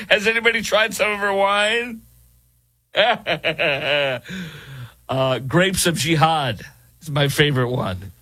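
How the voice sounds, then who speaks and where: A man's voice: on the high side, expressive, takes it slowly, long pauses, sharp tone, no echo. A man guest-hosting a political talk radio show, mocking and joking in loose commentary.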